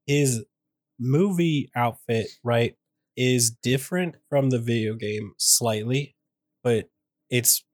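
A man co-hosting a podcast in casual chat, halting and laid-back with frequent restarts. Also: medium pitch, no room sound, clean studio sound. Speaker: podcast co-host.

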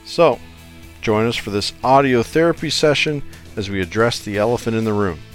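A man's voice: lowish voice, expressive, normal speed, soft background music. A man co-hosting a casual podcast chat, joking and loose, often restarting his sentences. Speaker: podcast co-host.

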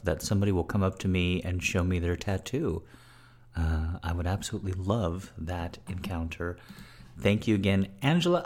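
Deep-voiced playful male podcast host. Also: darkish tone. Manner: wry, playful and flirty. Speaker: podcast host answering listener questions. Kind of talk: casual chat.

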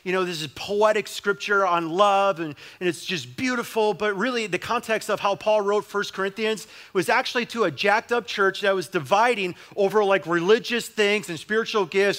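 A man's voice: sits high, moderate pace, a bit bright. A young adult male pastor preaching a sermon in a conversational way, with emphatic repetition.

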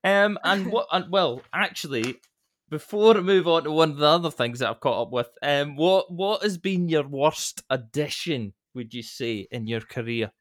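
Laid-back host, playful teasing, middle pitch, relaxed chat. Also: moderate pace. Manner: teasing, laughs easily. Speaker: podcast host. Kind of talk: casual chat.

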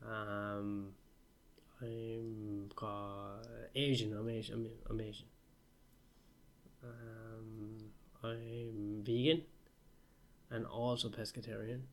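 A man in casual conversation, joking in a sarcastic, deadpan way. He co-hosts a podcast with a friend. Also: fairly low pitch, extremely slow, pauses often. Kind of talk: casual chat.

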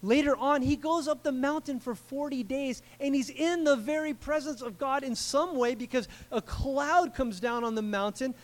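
A man preaching a sermon in an animated, conversational way, with frequent asides to the congregation. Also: very high voice, normal speed, hardly any pauses. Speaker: pastor.

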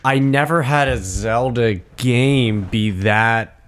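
A man chatting casually, telling rambling, profane, animated stories. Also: mid-range voice, slow pace, clean tone. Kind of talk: casual chat.

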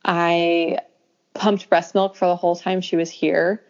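A young adult woman telling a personal story in casual conversation, acting out quoted lines and laughing often. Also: a little slow. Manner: animated, acts out quoted lines with pitch jumps, laughs often. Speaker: podcast guest telling a birth story. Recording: dull lo-fi audio.

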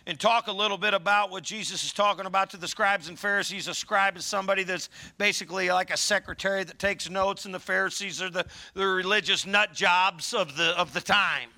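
A man's voice: high voice, sharp tone. A middle-aged man preaching a sermon, joking through rambling asides and calling for the congregation to answer back. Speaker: pastor.

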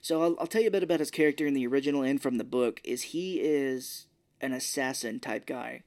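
A man co-hosting a podcast and casually recapping a movie's plot. He tells the story in an animated way and keeps the conversation moving, with a middle-range pitch. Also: brisk. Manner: animated retelling with acted-out quotes. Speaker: podcast co-host.

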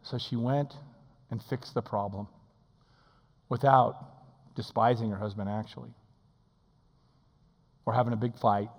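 A male pastor preaching a sermon in a church. He swings between shouting and hushed, intimate tones and acts out quotes in playful voices. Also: medium pitch, steady tone, measured pace, pauses often, big-room sound.

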